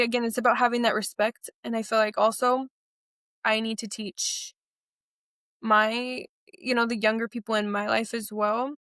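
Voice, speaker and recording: A young adult woman, an interview guest, telling stories in a lively casual way and acting out what people said. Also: on the high side, no room sound, clean studio sound. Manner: animated, acts out quotes with laughs.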